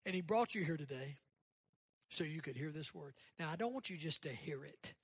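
A guest pastor, a man, preaching a sermon and leading an altar call, swinging between loud rising bursts and quiet, dropped lists. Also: on the high side, expressive, normal speed, slightly rough, no room sound. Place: church sanctuary.

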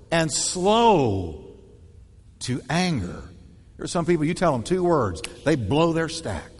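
A man preaching a sermon in an animated way, acting out quoted voices with shifting tone and pace. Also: fairly high pitch, slow, husky, long reverb tail. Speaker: pastor.

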